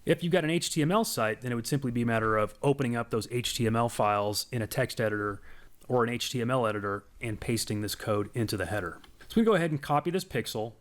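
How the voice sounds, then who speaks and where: Casual man walking through a software demo. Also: medium pitch, quick pace. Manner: casual, explanatory, with fillers. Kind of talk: screen-share product walkthrough.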